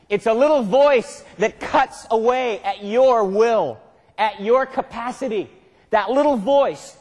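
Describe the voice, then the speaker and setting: In a lecture hall full of listeners, a male management consultant runs a motivational seminar, teasing the crowd and quizzing them nonstop. His voice sits high, a little mellow, with a breathy edge. Long hall reverb colors the recording.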